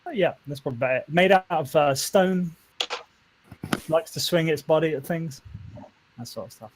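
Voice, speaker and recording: A man runs a tabletop game, slightly high-pitched and hesitant, full of restarts. A faint hiss sits under his voice. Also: moderate pace. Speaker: game master.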